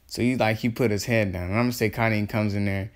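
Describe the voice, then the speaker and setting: A man's voice: lowish voice, steady tone, fast. A man telling an improvised fan story in a rambling, slangy way, full of fillers and self-corrections.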